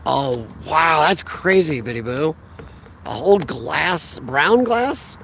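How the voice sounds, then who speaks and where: A Midwestern American man streams live outdoors at a riverfront park, chatting into a phone camera he holds and answering the chat messages he reads out. His slightly high, fairly bright voice is animated yet slow and creaky, with slight background noise.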